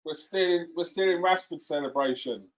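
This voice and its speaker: A man hosting a live football watchalong, reacting excitedly, shouting at players and swearing. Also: on the high side, moderate pace.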